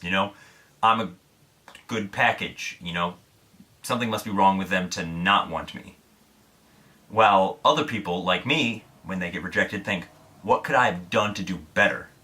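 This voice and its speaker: A man's voice: low voice, normal speed, pauses often, bright, forceful tone. A young man from Indiana, a vlogger telling a story to camera in a candid, self-deprecating way, swearing freely.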